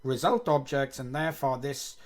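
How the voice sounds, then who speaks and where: A man's voice: medium pitch, moderate pace. A man streaming himself coding live, thinking aloud, reading code under his breath and poking fun at himself. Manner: muttering, self-mocking, reads code aloud.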